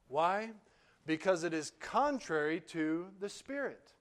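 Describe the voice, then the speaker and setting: Male preacher, slightly high voice, measured and emphatic, teaching from scripture. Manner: measured, emphatic, slows on key phrases. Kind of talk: expository sermon.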